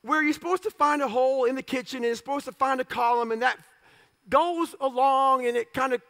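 A man's voice, pitched unusually high and edged with a gravelly rasp, rolls out a motivational speech. He talks in short, punchy fragments and keeps it raw with swearing and jokes at his own expense. The tone is bright and sharp. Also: fairly quick. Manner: blunt, profane, self-mocking humor; punchy clipped phrases. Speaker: motivational speaker.

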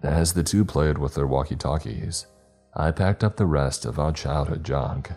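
A man reading a horror story as narrator in a measured, steady storytelling voice. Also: rumbling low, vocal fry, faint music behind.

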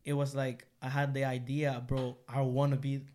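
A man's voice: medium pitch, completely flat delivery, moderate pace, darkish tone. A young man, a musician guest, chatting casually in a slangy, laid-back way and laughing often. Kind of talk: casual chat.

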